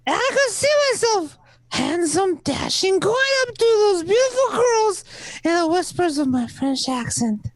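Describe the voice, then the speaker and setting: A woman playing a chatty, playful male radio announcer who pitches wine in an amateur radio play. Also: very animated, unhurried, dry recording, heavily acted, low-quality recording. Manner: playful, rambling, hammy sales pitch.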